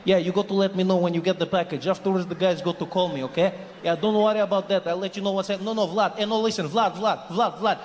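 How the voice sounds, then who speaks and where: A man's voice: high-pitched, steady tone, fast talker, hardly any pauses, close to an everyday voice. A man imitating a brusque Russian man making a shady phone call, speaking in mock accented English. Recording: live hall reverb with light noise.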